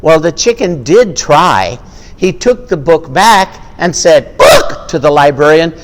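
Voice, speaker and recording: A man tells a farm tale to families in a slow, drawn-out way, his pitch leaping up and down as he acts out the animal noises. His voice rings with a long reverb. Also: animated. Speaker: storyteller. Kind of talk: family storytelling with puppets.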